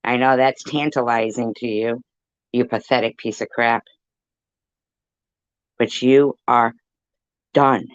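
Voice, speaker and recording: A man delivering a profane, taunting rant straight to the camera, slow and deliberate. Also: medium pitch, steady tone, smooth, dry recording, muffled recording.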